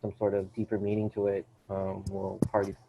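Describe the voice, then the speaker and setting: A man's voice: sits low, completely flat delivery, a little fast, creaky, background noise. A man hosting a podcast, chatting casually about a movie, rambling with many fillers and restarts. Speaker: podcast host. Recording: dull lo-fi sound.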